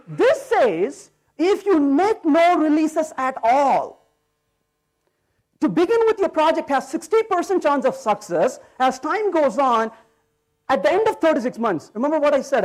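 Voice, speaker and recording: Speaking at normal speed in a very high voice, a conference speaker tells jokes and stories from the stage of a conference hall. He's animated and keeps firing rhetorical questions at the crowd.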